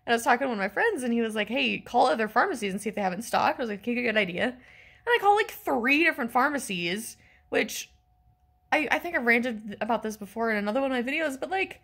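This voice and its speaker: Young woman vlogger, early twenties, bright higher voice, exasperated casual rant. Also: quick pace, breathy edge. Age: 20s. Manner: exasperated, animated, lots of fillers. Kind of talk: casual ranting story.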